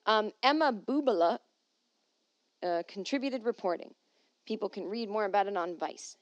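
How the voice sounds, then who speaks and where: The lo-fi recording, without room sound, catches a woman's medium-pitched voice at normal speed. On her solo comedy podcast she reads news aloud and riffs on it sarcastically, cursing freely and dropping into silly voices.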